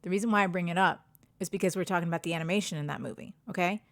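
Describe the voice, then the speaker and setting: A woman's voice: lowish voice, rapid-fire, creaky. A woman co-hosting a casual podcast, talking in an enthusiastic, emphatic way and swearing now and then. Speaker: podcast co-host. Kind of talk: casual chat. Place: home, live-streamed podcast.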